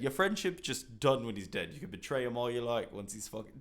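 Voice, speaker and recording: A man's voice: mid-range voice, brisk, few pauses. A man hosting a podcast, ranting with lots of swearing and reading social media posts aloud in a mocking tone. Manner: profane, animated ranting. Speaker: podcast host. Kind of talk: casual commentary.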